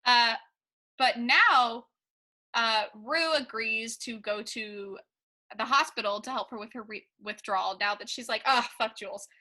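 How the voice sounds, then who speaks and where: A woman's voice: on the high side, unhurried, pushed and bright. A woman co-hosting a podcast, recapping a TV episode in emphatic casual chat. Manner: emphatic, repeats points for effect. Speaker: podcast co-host.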